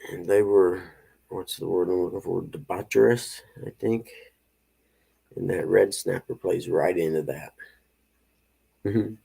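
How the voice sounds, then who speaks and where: A man in his fifties hosts a relaxed morning live stream, talking easily to his viewers and chuckling between thoughts. His low voice has a gravelly fry to it. He takes his time and answers the chat as if sitting with friends. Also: unhurried, long pauses. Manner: laid-back, chuckling, reads chat aloud.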